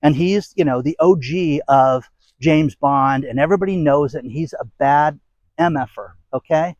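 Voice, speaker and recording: A man's voice: a little high, moderate pace, a little mellow, no echo, lo-fi sound. Blunt, emphatic middle-aged man ranting. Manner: blunt, emphatic, repeats phrases; sarcastic asides. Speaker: commentary channel host. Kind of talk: opinionated rant to camera.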